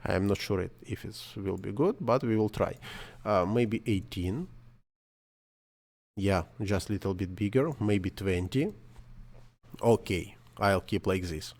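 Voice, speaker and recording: A man whose first language is not English, talking through a screen-recorded 3D software tutorial in halting English, thinking aloud and correcting himself as he goes. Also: lowish voice.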